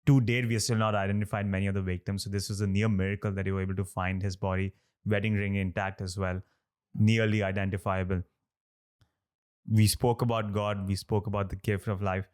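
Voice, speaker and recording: Male podcast host, smooth voice, monotone, measured interview questions. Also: lowish voice.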